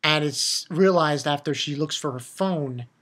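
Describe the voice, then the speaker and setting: An anime reviewer retells an episode in casual, rambling fashion, often restarting sentences and leaning on fillers. The voice sits at a middle pitch and turns emphatic over the story's emotional moments. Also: measured pace, a bit bright.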